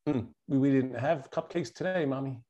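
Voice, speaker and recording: A man's voice: medium pitch, moderate pace, mellow, lo-fi sound, lightly acted. A man voicing a small, matter-of-fact little girl who patiently denies things. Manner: plain, patient denials.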